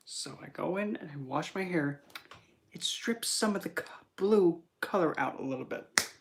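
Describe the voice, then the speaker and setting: A young man, a spiritual reader, chatting casually on a livestream and telling rambling, animated stories with many fillers. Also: a little high, normal speed, vocal fry, background noise.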